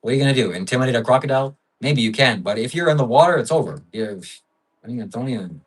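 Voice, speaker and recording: A man's voice: medium pitch, animated, fast, slightly rough, recorded from a distance, poor audio. A man hosting a livestream in casual chat, musing and rambling with frequent fillers. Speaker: livestream host.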